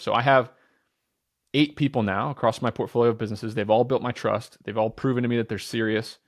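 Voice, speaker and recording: Guesting on a podcast in relaxed conversation, this man in his thirties has a medium-pitched voice with fairly even intonation and a slightly fast pace. He's energetic and emphatic, often repeating himself, starting sentences over and cursing offhandedly.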